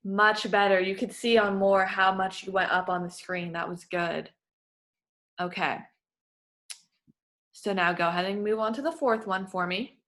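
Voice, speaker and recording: A woman's voice: mid-range voice, a little slow, long pauses, fairly bright tone. A woman working as a voice clinician, giving patient, encouraging step-by-step instructions in a therapy session.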